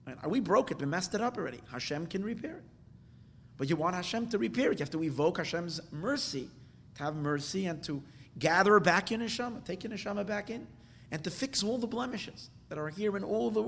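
A man leads a Hasidic text class in an emphatic way, jumping into sudden high bursts and dropping into soft asides. His voice sits a little high. The recording rings with a long hall reverb over a faint low rumble. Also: vocal fry. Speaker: Torah teacher.

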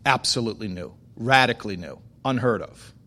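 Man doing a rabbi's talk, slows down and leans on the key words, middle-pitched voice. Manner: animated storyteller acting out dialogue. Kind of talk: storytelling talk on faith.

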